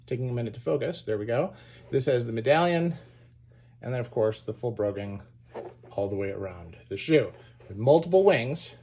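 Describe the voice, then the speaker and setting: Husky man explaining shoes casually. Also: medium pitch. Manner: relaxed, many fillers, pointing things out. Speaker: shoe channel host. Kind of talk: casual show-and-tell explainer.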